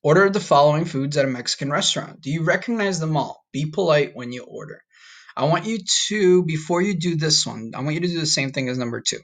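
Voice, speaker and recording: A man teaching a recorded online Spanish lesson in a casual way, often checking in with "okay?" and "all right?". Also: fairly high pitch. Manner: slow, drawn-out modeling of Spanish words.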